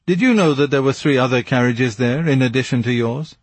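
A man voicing a self-satisfied police commissary who questions briskly and pointedly. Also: medium pitch, no room sound, voice pushed up, close to an everyday voice.

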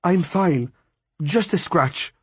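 A man's voice: fairly high pitch, slow pace, husky, no room sound, voice pushed up. A man voicing a protective middle-aged mother who sounds anxious and firm, in an audiobook reading. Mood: worried.

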